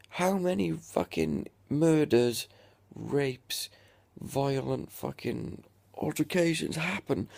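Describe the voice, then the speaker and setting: A man's voice: mid-range voice, gravelly, a little mellow, no room sound. A young man ranting in a sweary, exasperated and sarcastic reaction vlog. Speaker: vlogger.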